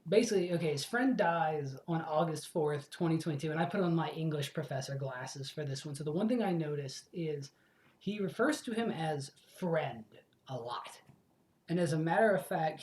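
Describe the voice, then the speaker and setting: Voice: mid-range voice, a little mellow, echoey room. A let's play host in casual commentary, rambling, swearing freely and correcting themself as they go.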